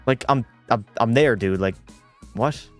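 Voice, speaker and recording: A man's voice: mid-range voice, unhurried, faint music behind. A young man streaming a hockey video game, commenting live and talking to his chat while ranting in frustration and swearing at the game. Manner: talks to chat.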